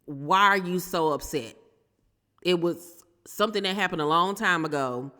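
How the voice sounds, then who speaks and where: In a large hall, a woman recaps a reality TV episode for her channel with blunt, sassy, opinionated commentary, throwing shade as she goes. Her lowish voice is bright and forceful, at a normal speed.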